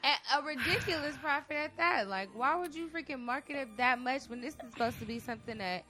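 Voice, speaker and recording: A woman's voice: high voice, expressive, brisk, noisy background. A woman in casual chat who interjects emphatically and sounds exasperated.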